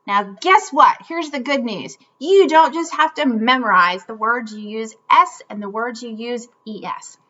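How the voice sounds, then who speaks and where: A woman teaching a children's phonics lesson, speaking upbeat and clearly enunciated, in a slightly muffled home video recording. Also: on the high side, expressive, a little slow, few pauses, pushed and bright.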